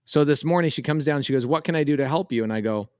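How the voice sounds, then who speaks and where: A man, telling a lively story on a podcast and acting out the voices. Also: a little high, fast talker, clean tone, no room sound, studio quality. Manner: animated, quotes voices in a story. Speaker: podcast co-host. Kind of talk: casual storytelling chat.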